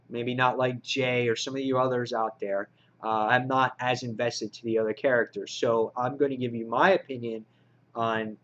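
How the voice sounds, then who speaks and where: A man's voice: mid-range voice, fairly bright tone, highs cut off. A man reviewing comic books in a casual, rambling way with many fillers, sounding frustrated.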